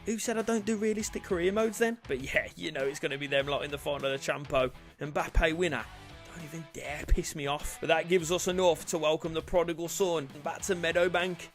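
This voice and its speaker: Lad, high voice, shouty game commentary with cheeky jokes, faint music underneath. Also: male voice, a little fast. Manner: loud outbursts, cheeky banter. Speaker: gaming YouTuber.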